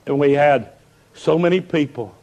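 Preacher man, pretty high voice, fervent revival sermon, tells stories and builds up to shouting. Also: normal speed.

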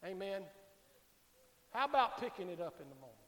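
A man, a pastor preaching a sermon. He swings from loud shouting to hushed, soft pleading. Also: high voice, big pitch swings, a little fast. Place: church sanctuary. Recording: echoey church hall.

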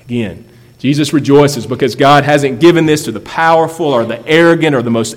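A man's voice: medium pitch, fairly quick. A man preaching a sermon as a pastor, emphatic, repeating key phrases for effect. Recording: long hall reverb.

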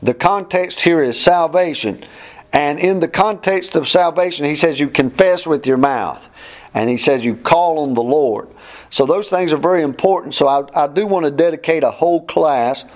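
A man's voice: fairly high pitch, normal speed. A man teaching a verse-by-verse Bible class, plainspoken and emphatic, often repeating his points.

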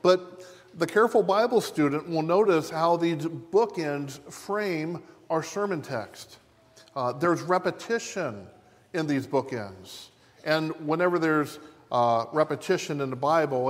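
Guy preaching slow and careful, kinda high voice, church hall echo. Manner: measured, deliberate preaching with repetition. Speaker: pastor. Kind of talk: sermon.

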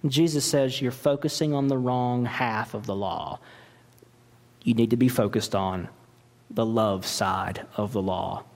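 A man's voice: medium pitch, a little slow, darkish tone. A man preaching a sermon as pastor, emphatic and full of rhetorical questions, in a church. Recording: long hall reverb.

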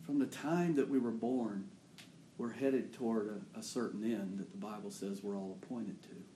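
A man's voice: lowish voice, moderate pace, warm tone, slight background noise. Preaching man in an echoey room. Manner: preaches with rising emphatic bursts; folksy plain grammar. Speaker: pastor. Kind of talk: sermon.

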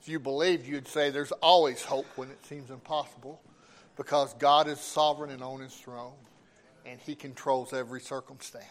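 A man's voice: mid-range voice, steady tone, moderate pace. A man preaching a sermon as pastor, with rising emphasis and call-outs to the congregation.

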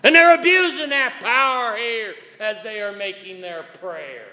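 A man's voice: high-pitched, measured pace, sharp tone. A man preaching a chapel sermon in a folksy, emphatic way, spelling out words to make his point. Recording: echoey chapel with long reverb.

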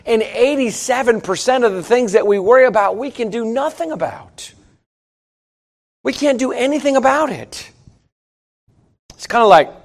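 A middle-aged man preaching a sermon in a conversational, joking way, with sudden loud outbursts. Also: sits high. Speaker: pastor.

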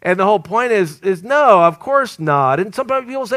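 A man's voice: sits high, fairly quick, no echo. A man preaching a sermon to a live congregation, telling stories with jokes and laughter. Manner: animated storytelling with laughs and joking asides. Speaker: traveling evangelist preacher.

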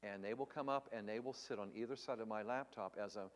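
A man's voice: fairly low pitch, fast talker, in a large hall. A man preaching in an earnest, emphatic way, teaching Bible answers on a live stream and asking rhetorical questions.

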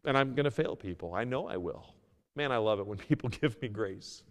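A man preaching a sermon as pastor, earnest, moving between loud emphasis and a quiet plea. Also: lowish voice, animated, fairly quick, big-room sound. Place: church sanctuary.

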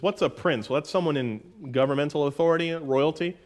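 A middle-aged man preaching a sermon in a folksy way, calling listeners "folks" and reading scripture slowly and with emphasis. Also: on the high side. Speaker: pastor.

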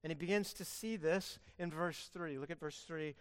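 A man preaching a sermon as pastor, earnest, swinging between loud pleading and hushed emphasis. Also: on the high side, moderate pace, clean tone.

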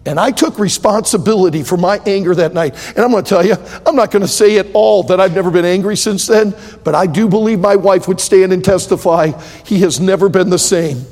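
An older man preaching a sermon, emphatic and repetitive, building to loud outbursts. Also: high-pitched, a little fast, hardly any pauses. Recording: echoey hall.

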